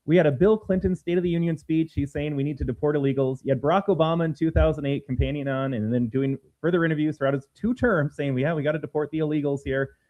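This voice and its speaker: Fast-talking man with dull lo-fi sound. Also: on the high side, darkish tone. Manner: fast, heated and sarcastic. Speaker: podcast co-host. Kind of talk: political commentary chat.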